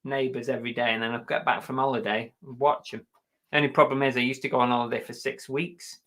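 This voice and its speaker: Host, male, London accent, bright and teasing, casual stream banter. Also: medium pitch, little pitch movement, quick pace. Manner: joking, teasing, chatty. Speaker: reseller vlog host. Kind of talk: casual live-stream chat.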